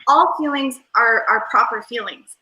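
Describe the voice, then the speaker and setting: A woman's voice: on the high side, normal speed, sharp tone, dull audio. A woman guest in a casual interview, talking in an airy, Valley-girl-like way that rambles with lots of fillers, over a video call. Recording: roomy echo.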